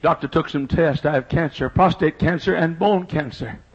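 Husky-voiced preacher man, lo-fi sermon. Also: moderate pace. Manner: shouting and preaching in a booming, rising cadence. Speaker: pastor. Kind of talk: fiery revival sermon. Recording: dull lo-fi sermon recording.

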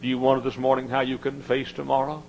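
A male preacher with a gravelly, creaky voice delivers a sermon with emphatic repetition. He drops to a hush, then climbs to shouting. A faint hum sits under the recording. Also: medium pitch, monotone, fast talker, muffled recording. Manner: dramatic swings from hushed to shouting.

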